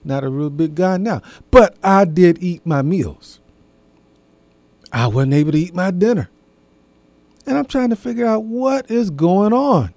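A middle-aged man speaking slowly and deliberately to his listeners, leaning on repeated phrases to drive a point home. His voice is warm and mellow, a little higher than most men, and it sounds dry and close, with no room echo. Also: lively intonation. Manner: slow, folksy, repeats key phrases for emphasis. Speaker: host. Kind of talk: casual talk to an audience.

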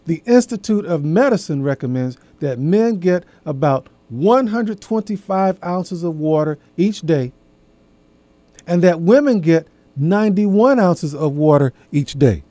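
Middle-aged guy hosting, slow folksy talk, repeats stuff for emphasis, dry close sound. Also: a little high, lively intonation, dark tone, no echo. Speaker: host. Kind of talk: casual talk to an audience.

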